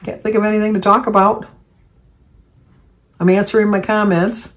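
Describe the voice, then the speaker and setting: An older woman from Michigan chats cheerfully to her camera at home, like a daily vlog catch-up, in a medium-pitched, level voice at a moderate pace. Her talk is loose and rambling, drifting from one small aside to the next.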